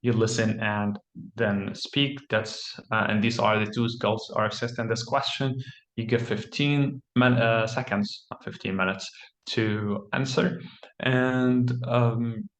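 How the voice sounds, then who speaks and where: A man teaching as a test-preparation trainer, explaining patiently with frequent ums and quick self-corrections. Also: on the low side, steady tone, a bit bright. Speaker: English teacher and PTE trainer. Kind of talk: instructional explanation. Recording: roomy echo.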